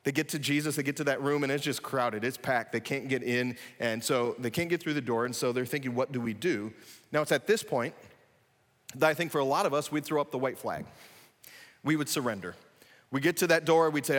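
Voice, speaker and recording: Man, pastor, animated sermon, slightly high voice, long hall reverb. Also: fairly quick. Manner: animated, acts out scenes with sudden loud excited bursts.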